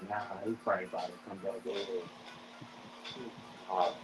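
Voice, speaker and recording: A man's voice: low voice, level tone, moderate pace, music in the background, rough recording. A man streaming live craps and rambling in profane, restart-heavy casual chat. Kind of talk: casual chat while gambling.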